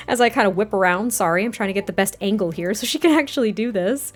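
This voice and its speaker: A woman's voice: medium pitch, animated, normal speed, long pauses. A woman casually narrating her life-sim gameplay, giggly and rambling with lots of fillers. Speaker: life-sim game YouTuber. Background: faint background music.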